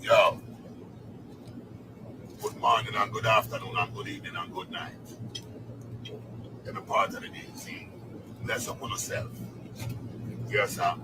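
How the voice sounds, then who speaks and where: A man with a Jamaican accent talking playfully and loudly in a casual video while showing off food. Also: fairly low pitch, fairly even intonation, moderate pace, pauses often. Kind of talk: casual street video talk. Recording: noisy street clip with passing traffic.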